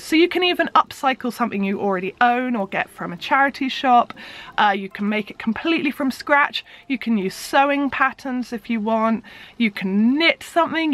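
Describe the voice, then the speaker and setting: Bubbly chatty woman vlogger, fairly high voice. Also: a bit bright. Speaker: vlogger and musician. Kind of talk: casual chat to camera.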